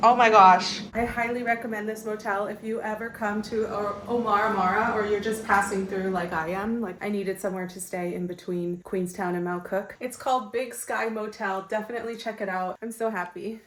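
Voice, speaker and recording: A woman's voice: mid-range voice, steady tone, fairly quick, hardly any pauses, a bit bright, rough recording. A woman with a North American accent, narrating her solo travel vlog in a bubbly, gushing way, filmed on a handheld camera outdoors and in a motel room. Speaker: travel vlogger.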